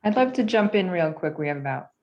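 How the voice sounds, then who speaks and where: Woman host, deep voice, quick friendly questions, video call. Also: expressive, muffled recording. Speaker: host, interviewer. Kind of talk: interview questions.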